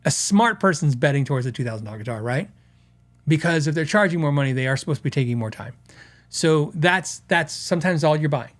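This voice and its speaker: A man's voice: a little high, expressive, brisk. A man hosting a podcast, talking casually and rambling with restarts as he reads out viewer comments. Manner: conversational, rambling with restarts and acted quotes. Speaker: podcast host. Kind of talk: casual chat.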